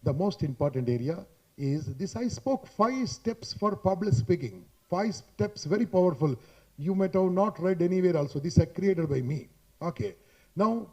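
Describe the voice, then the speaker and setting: A man's voice: sits high, mellow. A man with an Indian English accent giving an emphatic, repetitive motivational talk on public speaking to a live audience in a hotel hall, speaking into a handheld mic and tagging points with "boss". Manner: chatty, addresses listeners directly.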